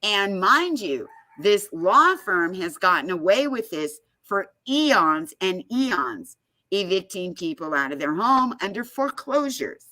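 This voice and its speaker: A woman's voice: medium pitch, very animated, unhurried, pushed and bright. A woman talking casually and emphatically, telling a story and explaining advice. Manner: emphatic storyteller, laughs often. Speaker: guest speaker on foreclosure fraud.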